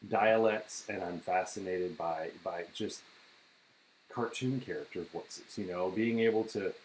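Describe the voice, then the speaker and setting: A man's voice: low voice, measured pace, a little mellow, slight background noise, low-quality recording. A middle-aged man chatting on a podcast, an enthusiastic storyteller who repeats words as he starts his sentences. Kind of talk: casual podcast chat.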